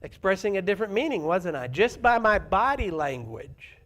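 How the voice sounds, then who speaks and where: A man with a fairly high voice delivers a sermon in a church. He talks in a conversational way and often turns to the congregation with questions. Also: very animated, normal speed, fairly bright tone. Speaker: preacher. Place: church sanctuary.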